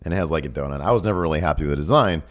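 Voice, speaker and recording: A man's voice: extremely low pitch, lively intonation, very fast. A man co-hosting a podcast in casual chat, sick with a cold, joking and rambling with lots of fillers into a studio mic. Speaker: podcast co-host.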